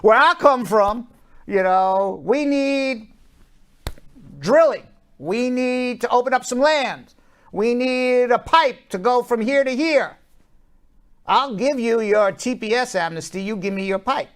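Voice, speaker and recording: A man voicing a Southern congressman in a rough put-on Southern US accent, haggling loudly for a pipeline. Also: animated, slow, heavily acted. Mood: bargaining. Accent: Southern US (put on, weak). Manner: loud, high-pitched haggling drawl. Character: drawling male Southern congressman bargaining for a pipeline.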